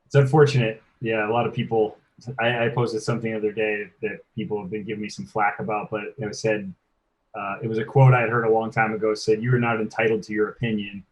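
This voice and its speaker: Earnest low-voiced male podcast guest. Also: little pitch movement, fast, poor audio. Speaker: podcast guest, fitness performance director. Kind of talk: casual podcast chat.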